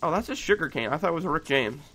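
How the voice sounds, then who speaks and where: High-voiced man yelling gameplay commentary. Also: rapid-fire, slight background noise. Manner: excitable, profane, yells at game monsters. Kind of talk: let's play commentary.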